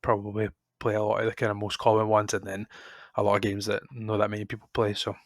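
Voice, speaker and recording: A Scottish man in a relaxed podcast chat sits a touch low in pitch. His talk wanders with restarts and little fillers. The sound is close and dry, with no room around it. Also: fast, no echo. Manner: rambling, many restarts and fillers. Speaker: podcast co-host. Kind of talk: casual chat.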